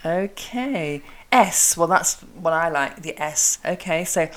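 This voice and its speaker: A woman who hosts a podcast and teaches English, chatting casually while demonstrating tongue twisters slowly and crisply. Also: fairly low pitch, lively intonation, a bit bright.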